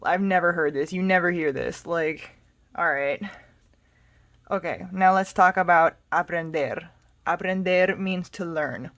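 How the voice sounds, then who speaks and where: A woman from the United States teaching a casual spoken language lesson, explaining step by step in a patient, relaxed way with frequent fillers. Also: on the low side, takes it slowly. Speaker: Spanish tutor.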